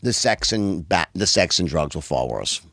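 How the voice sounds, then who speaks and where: Profane, animated male storyteller. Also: moderate pace, no room sound, clean studio sound. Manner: profane, animated storyteller who acts out quotes in a high voice. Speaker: podcast guest. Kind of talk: casual storytelling chat.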